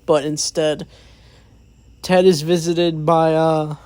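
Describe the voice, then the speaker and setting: A man's voice: fairly high pitch, little pitch movement, slow pace, a little mellow, clean tone, no room sound. A man giving a casual, rambling movie review, recapping the plot with many fillers and quoted lines.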